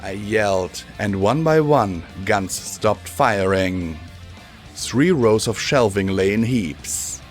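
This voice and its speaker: A low-pitched man narrating a fan-fiction audiobook. He reads in measured, steady tones, with faint music underneath. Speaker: audiobook reader.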